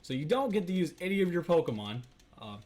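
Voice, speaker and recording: A man's voice: a little high, big pitch swings, fast, a little mellow. Rambling man narrating his gameplay. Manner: rambling, self-correcting, many fillers. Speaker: let's play host. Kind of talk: casual gameplay commentary.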